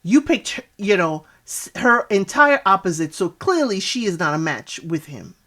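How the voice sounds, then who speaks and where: A woman's voice: mid-range voice, very animated, normal speed, fairly bright tone. A woman giving a casual spoken recap of a reality show, chatty and sassy, talking back to the people on screen with lots of asides.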